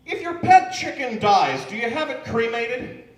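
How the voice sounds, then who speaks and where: A man doing stand-up comedy in a club, telling jokes in an animated storytelling manner. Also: very high voice, unhurried. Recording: echoey club room from far off.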